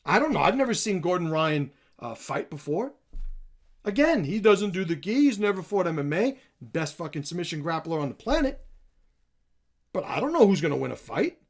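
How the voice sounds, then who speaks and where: A man hosting a reaction video, talking bluntly with plenty of swearing and animated emphasis. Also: high voice, normal speed. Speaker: commentary channel host.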